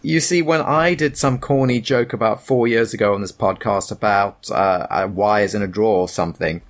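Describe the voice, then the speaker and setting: A man hosting a podcast, talking in a dry, sardonic way with unhurried hesitations. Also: fairly low pitch. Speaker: podcast host. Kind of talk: casual chat.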